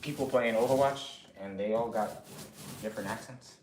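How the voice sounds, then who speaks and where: A man's voice: mid-range voice, normal speed, darkish tone. A man giving casual, chatty commentary to himself while painting a bathroom, with slangy asides. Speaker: DIY home renovation vlogger. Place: small bathroom being renovated, indoors. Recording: echoey small room, far from mic, background noise.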